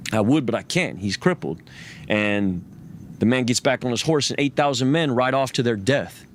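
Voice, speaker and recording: A man spins a long, rambling story in casual conversation. He swears freely and keeps stumbling over and restarting his phrases. His pitch sits in the middle, and faint background noise runs under the recording. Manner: profane, rambling, restarts a lot. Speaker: interview guest.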